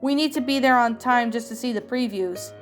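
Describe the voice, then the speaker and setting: A woman's voice: fairly high pitch, fairly quick, faint music behind, lightly acted. A woman reading a protective eldest sister's lines in a fan story, stern and motherly. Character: Lori, bossy protective eldest teen sister.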